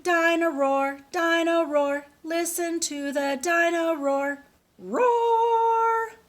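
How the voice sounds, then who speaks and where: A woman voicing a cheerful singing toy dinosaur in a high, loud sing-song. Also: extremely slow, heavily acted.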